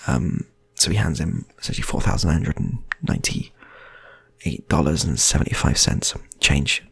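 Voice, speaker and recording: A man's voice: extremely low pitch, lively intonation, moderate pace, gravelly, slightly rough, dry recording. A man improvising funny stories in a rambling, playful way, often restarting his sentences. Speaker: storyteller. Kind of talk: improvised comic storytelling.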